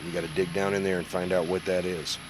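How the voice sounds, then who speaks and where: On his model-building live stream, a hungover Mississippi man talks fast in a low, flat voice over background noise. The casual chat wanders, homespun and full of jokes at his own expense.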